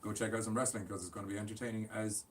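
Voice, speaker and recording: Lower-voiced man, joking co-host. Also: steady tone, racing. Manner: joking, does mock voices, offhand. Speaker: podcast co-host. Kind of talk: casual wrestling chat. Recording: distant mic with faint ambient noise.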